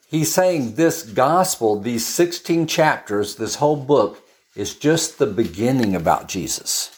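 A man gives conversational Bible teaching, explaining a passage in a chatty, storytelling style with frequent restarts and side comments. His mid-range voice is animated and his pace measured.

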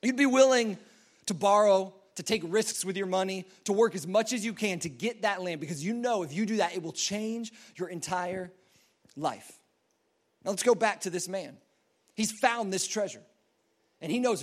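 A man's voice: sits high, expressive, normal speed. A man preaching a sermon in a casual, rambling storytelling way, full of fillers and restarts. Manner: acts out quoted voices in a story.

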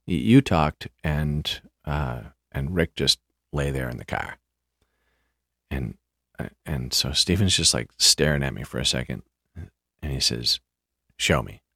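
A man hosting a podcast, telling a story casually in a halting way, often repeating words, with dry understatement. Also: extremely low pitch, fairly bright tone, no room sound. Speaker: podcast host.

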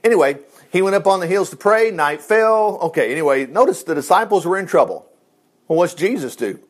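Animated folksy preacher man. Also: sits high, a little fast. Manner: folksy and conversational, acts out voices, chuckles. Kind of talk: informal sermon on Bible passages.

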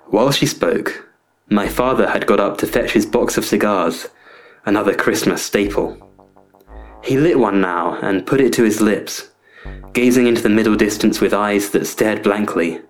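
A man narrating a first-person story in a wry, deadpan way over soft guitar music. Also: lowish voice, moderate pace.

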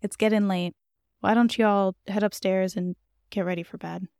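A woman's voice: mid-range voice, fairly even intonation, normal speed, creaky, a little mellow, clean tone, no echo, clean studio sound, lightly acted. A woman voicing a proper, guarded churchgoing mother who speaks in a curt, restrained way.

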